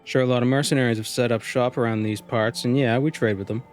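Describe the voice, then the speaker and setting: A man's voice: mid-range voice, moderate pace, a little mellow, lightly acted. A man voicing a shrewd, guarded small-town mushroom shopkeeper in a folksy drawl, with faint music behind. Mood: warning. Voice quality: drawling, folksy rural accent voice. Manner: wheeling and dealing, slightly menacing.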